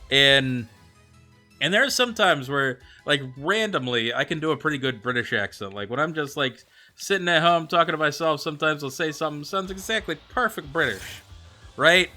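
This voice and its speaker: A young male streamer talks casually with his viewers, reacting to their comments with quick, animated bursts. His voice sits a little high and sounds bright and forceful. A faint bed of music plays behind him. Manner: chatty, animated, answers chat with quick excited reactions. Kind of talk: casual livestream chat reading viewer comments. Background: faint background music.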